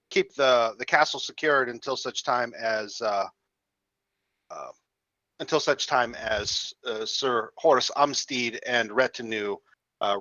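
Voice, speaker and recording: A man narrating a tabletop game as game master, halting and restarting often. The recording sounds slightly dull and dry. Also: mid-range voice, sharp tone, dry recording. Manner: halting, many fillers and restarts.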